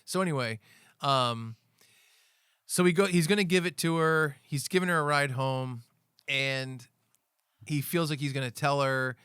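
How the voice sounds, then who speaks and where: This podcast co-host speaks at a measured pace with long pauses, his voice a little high, fairly bright and clean. He talks casually about films, recapping scenes at length and quoting dialogue, recorded in a studio with no room sound.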